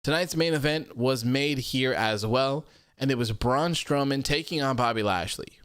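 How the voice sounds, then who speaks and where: A man hosts a wrestling show's live stream, chatting casually but bluntly and opinionatedly into a studio microphone and reading viewer comments aloud. His medium-pitched voice moves at normal speed, sounding a bit bright and clean with no echo.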